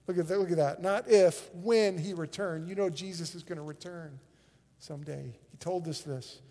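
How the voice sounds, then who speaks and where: A male pastor, preaching a sermon with animated energy and frequent word repetitions. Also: fairly high pitch, moderate pace, big-room sound. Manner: animated, repeats words when excited.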